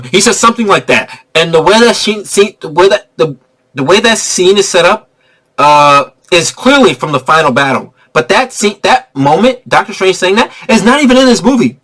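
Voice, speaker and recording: A slightly drunk man runs through his favourite film moments in a casual review. His voice sits a bit high and swings widely as he gets excited. He swears freely and keeps breaking into laughter. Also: moderate pace. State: tipsy from drinking. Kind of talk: casual spoiler movie review.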